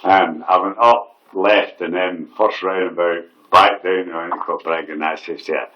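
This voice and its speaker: A man's voice: low-pitched, fairly even intonation, moderate pace, dull audio. A middle-aged man telling a funny story, laughing often and swearing. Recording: echoey room, faint noise.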